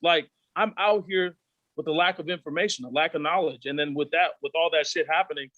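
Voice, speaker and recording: A man in his thirties, a podcast guest, telling candid stories in a profane, animated way and acting out the voices of his friends. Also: a little high, brisk, dry recording, phone-quality sound. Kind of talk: candid storytelling.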